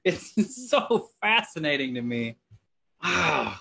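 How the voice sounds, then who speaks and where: A man hosting a conversational interview, relaxed and affirming, with casual swearing. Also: on the high side, slow, vocal fry, slight background noise. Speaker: podcast host.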